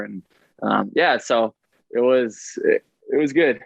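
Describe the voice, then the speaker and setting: A man, a baseball player, telling stories in casual podcast talk, fast and chatty with many fillers and "right?" tags. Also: medium pitch, fairly even intonation, creaky, fairly bright tone, no echo, lo-fi sound.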